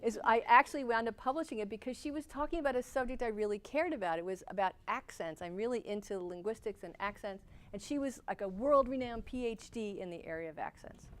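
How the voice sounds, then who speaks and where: A woman teaching a podcasting class in a classroom, speaking in an animated way. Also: a little high, fast, few pauses. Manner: animated, talks with her hands, moves around. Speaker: podcasting instructor. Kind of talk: classroom lecture.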